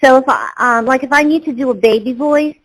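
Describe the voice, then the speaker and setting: A woman's voice: high-pitched, fairly quick, slightly rough, low-quality recording. A woman, a voice actor, answering interview questions in a rambling way with many fillers and restarts. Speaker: voice actor guest.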